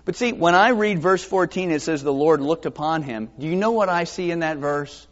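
A man's voice: on the high side, normal speed. A man preaching a sermon in a conversational, self-deprecating way, acting out the quotes he reads. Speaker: pastor. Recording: dull lo-fi sound.

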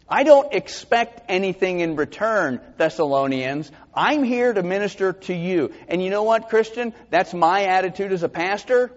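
A man, a pastor, preaching a sermon with animated delivery and sudden high-pitched bursts of emphasis. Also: big-room sound, lo-fi sound. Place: church sanctuary.

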